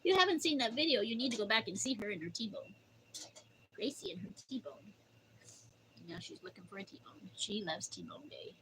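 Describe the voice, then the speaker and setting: A woman's voice: mid-range voice, moderate pace, long pauses, noisy background. An older woman chatting casually on her livestream, rambling through stories and cooing at her dog. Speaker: livestream host.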